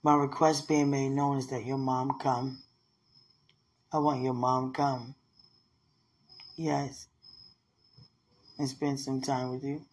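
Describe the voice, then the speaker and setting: A woman in casual, heartfelt talk with her partner, emotional and prayerful, often soft and murmured, with easy laughs. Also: very deep voice, flat delivery, takes it slowly, pauses often, husky. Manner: laughs easily, playful.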